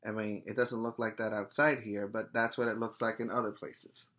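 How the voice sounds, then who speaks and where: A man's voice: fairly low pitch, level tone, normal speed, fairly bright tone. A man teaching preschoolers in a virtual lesson, coaxing them along in a sing-song call-and-response way.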